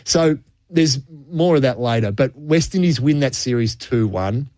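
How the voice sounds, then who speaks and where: A man's voice: medium pitch, expressive, moderate pace, darkish tone, no echo. An Australian man on cricket radio, chatting casually and telling stories from the game's history, chuckling as he goes. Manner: storytelling, chuckles often, with frequent restarts.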